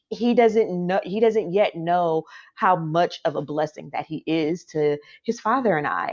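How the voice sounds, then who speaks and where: A woman with a low voice shares a heartfelt personal story as a podcast guest. She talks in a casual, emotional way with plenty of fillers. The recording sounds dull and lo-fi. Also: darkish tone.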